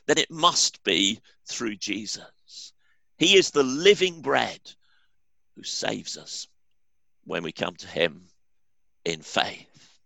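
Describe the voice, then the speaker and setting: Gravelly-voiced man preaching a sermon. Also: mid-range voice, sharp tone, no echo. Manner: earnest, emphatic preaching. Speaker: pastor.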